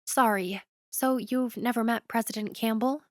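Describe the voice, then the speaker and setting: A woman's voice: on the high side, steady tone, moderate pace, darkish tone, dry recording, clean studio sound, lightly acted. A woman voicing an outspoken, snarky young heroine in an audiobook, speaking bluntly. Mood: frank. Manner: blunt and frank.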